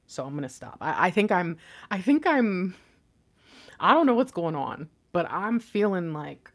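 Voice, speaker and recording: Giggly, rambling woman tarot reader with a lively, swooping voice. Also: mid-range voice, normal speed. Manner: chatty and rambling, giggly, swears casually. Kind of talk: casual intuitive reading to camera.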